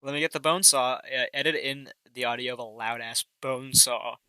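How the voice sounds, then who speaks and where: A man's voice: mid-range voice, moderate pace, a loud crowd, rough recording. A young man co-hosting a podcast, making playful jokes in casual chat. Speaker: podcast co-host.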